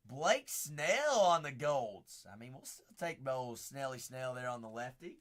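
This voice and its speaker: A man hosting a live card break, calling out players and teams as he opens packs, chatting with viewers by name and shouting on big pulls. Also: medium pitch, very animated, a little slow, few pauses. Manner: chats with viewers by name between cards.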